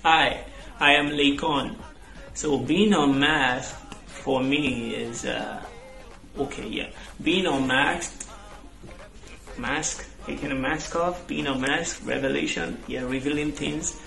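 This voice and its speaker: A man's voice: on the high side, slow pace, vocal fry, long pauses, fairly bright tone. A man with a mid-range voice, earnest and impassioned, speaking in an audition video. The room is echoey and faint music plays behind. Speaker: reality show contestant. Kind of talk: audition video, spoken-word monologue.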